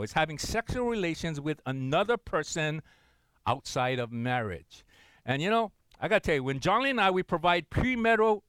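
A middle-aged man preaches in a relaxed, talky way, leaning on fillers and restarting his phrases. His voice sits fairly high for a man and moves a lot in pitch. The recording is dry and close. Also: no echo. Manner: conversational preaching, many "you know" fillers and repeats. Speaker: pastor. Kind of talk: sermon.

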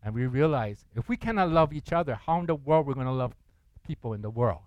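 Animated preacher man, dry close sound. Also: mid-range voice, fast talker, no echo, lo-fi sound. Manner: animated preaching, acting out quoted voices and asking the congregation questions. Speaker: pastor. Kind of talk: sermon.

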